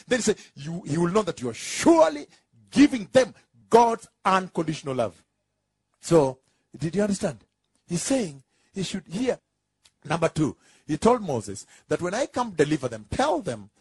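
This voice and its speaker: Husky high-voiced man preaching a sermon. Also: dry recording. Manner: emphatic and repetitive, rising into drawn-out shouts; asks the congregation for confirmation.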